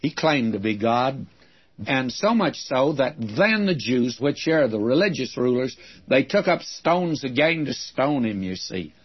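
An older man preaching a Bible-teaching sermon in a folksy storytelling way, with a husky voice. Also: mid-range voice, expressive, unhurried, dull audio.

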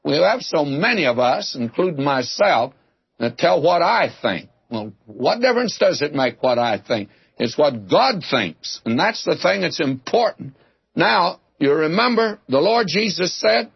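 In a dull lo-fi recording without echo, a man delivers an expository sermon, working through scripture in a relaxed, folksy style. His fairly high voice is gravelly and husky, very animated but unhurried. He tells homely jokes and keeps calling his listeners "my friend."

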